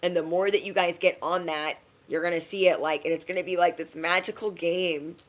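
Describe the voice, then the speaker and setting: A young woman giving a casual spiritual pep talk to her viewers, chatty and slangy, acting out quick asides. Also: fairly low pitch, steady tone. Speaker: spiritual reader.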